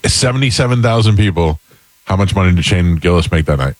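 A man with a very low voice, co-hosting a casual podcast. He adds blunt, dry remarks and works through figures out loud. The mic is close and the sound is dry. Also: lively intonation, a little fast, dry recording, poor audio. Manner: blunt, dry asides, works out numbers aloud. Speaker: podcast co-host. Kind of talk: casual chat.

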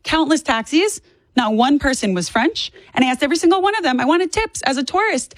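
Fast-talking emphatic young woman. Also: high voice, lively intonation, no echo. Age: 20s. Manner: rapid, emphatic, repeats for stress. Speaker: political guest. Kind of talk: opinionated interview talk.

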